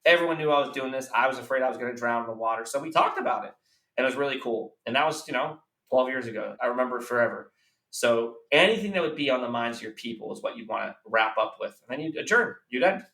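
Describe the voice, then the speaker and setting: A man's voice: mid-range voice, fast, vocal fry, sharp tone. A man giving earnest business advice in a podcast interview, repeating key phrases for emphasis. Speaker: business coach guest. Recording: roomy, slightly distant mic.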